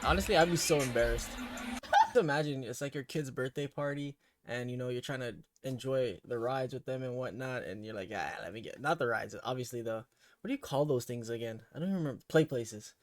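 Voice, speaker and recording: A man's voice: medium pitch, a little fast, no room sound, soft background music. A man hosting a casual reaction video, laid-back, swearing freely and laughing often. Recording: loud background noise.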